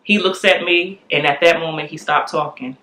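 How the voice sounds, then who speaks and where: Forties woman telling a family story, animated, bright tone, echoey room. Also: low-pitched, normal speed. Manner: animated, acts out quoted voices. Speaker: guest telling her story. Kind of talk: candid storytelling.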